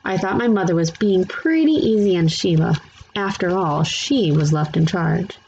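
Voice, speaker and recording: A woman reading a children's chapter book aloud in steady, plain narration. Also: lowish voice, moderate pace, muffled recording, a little hiss or hum. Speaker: storybook reader.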